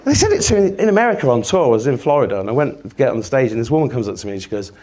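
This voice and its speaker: A man's voice: mid-range voice, big pitch swings, racing, a little mellow. An English man in his fifties, telling rambling, jokey stories to an audience and swearing freely. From England. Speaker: speaker. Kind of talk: casual storytelling talk.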